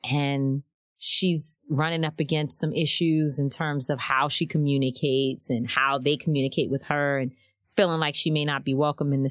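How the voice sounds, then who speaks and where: A woman's voice: dry recording, clean studio sound. A woman who organizes marches, talking candidly in an interview and acting out quoted voices as she tells stories. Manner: animated storytelling, acts out quotes with rising pitch.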